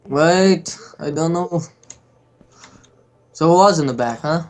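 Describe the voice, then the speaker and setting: A man's voice: fairly high pitch, takes it slowly, a little mellow. Exasperated young male gamer. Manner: exasperated, swears, frequent outbursts. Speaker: let's play host. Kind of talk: casual gameplay commentary.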